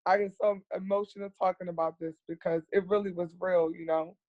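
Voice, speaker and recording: A woman's voice: on the low side, steady tone, fairly quick, no room sound, narrow, tinny audio. An earnest woman speaks as a guest on a podcast. She tells her story candidly and plainly. She often repeats words to stress them.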